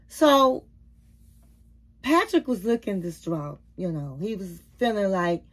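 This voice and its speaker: This YouTube reality-TV reviewer talks her viewers through a casual recap and commentary on a reality show, calling them queens, honey and baby. Her mid-range voice is expressive and moves at a measured pace.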